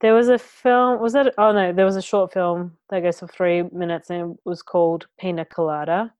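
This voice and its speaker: A woman co-hosting a podcast in casual chat, easygoing and quick to giggle. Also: lowish voice, fairly even intonation, a little mellow, smooth, dry recording. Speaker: podcast co-host.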